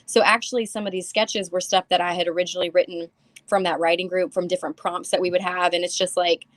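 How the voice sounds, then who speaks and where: A woman, a comic and writer, chatting casually as a guest, rambling and animated as she tells stories. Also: fairly low pitch, fast talker, no room sound. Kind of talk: casual chat.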